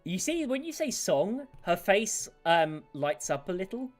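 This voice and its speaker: A woman narrating as game master in a tabletop game, lively and animated, with many fillers. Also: medium pitch, measured pace, soft background music.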